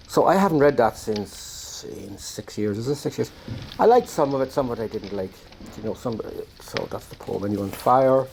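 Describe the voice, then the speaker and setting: Outdoors on a farm, an Irish man reads his own poems and tells personal stories, with rambling, self-mocking asides about his life. His mid-range voice is creaky and darkish, delivered at normal speed with lively intonation.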